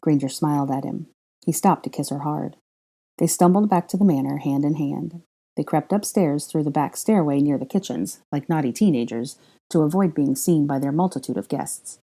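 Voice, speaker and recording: Low, mellow-voiced woman narrating a story. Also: breathy edge. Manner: measured, even reading with wry asides. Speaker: fan fiction reader. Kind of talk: audiobook narration.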